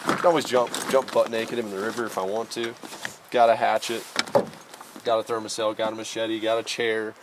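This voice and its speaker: A man talks easygoing and folksy while showing his camp gear, his voice sitting a little low. He is slightly out of breath from the altitude, recorded outdoors with clear background noise. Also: flat delivery, brisk. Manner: easygoing, folksy, says y'all. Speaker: outdoor vlogger. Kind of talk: casual camping vlog. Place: outdoors at a mountain campsite.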